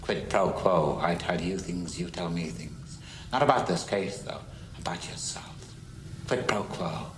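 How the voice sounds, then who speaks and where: An actor playing a calm, menacing older psychiatrist who is a killer, in a film clip. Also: male voice. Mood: coolly menacing. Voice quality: low, slow, hushed. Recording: echoey film clip, faint noise.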